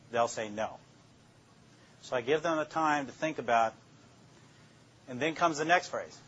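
Older male detective, husky, plainspoken storyteller; dull lo-fi room recording. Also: medium pitch, normal speed, long pauses. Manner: plainspoken, anecdotal, acts out interrogation lines. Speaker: police detective speaking to law students. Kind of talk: storytelling lecture.

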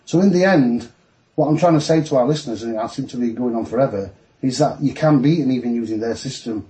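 Speaking quickly at medium pitch, a man recounts a lengthy story as a podcast guest, animated throughout and imitating others' voices along the way. The recording quality is low.

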